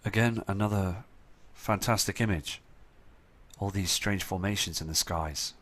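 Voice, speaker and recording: Male host with a somewhat low voice, urgent and earnest, talking over viewer photos. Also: unhurried, fairly bright tone. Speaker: channel host.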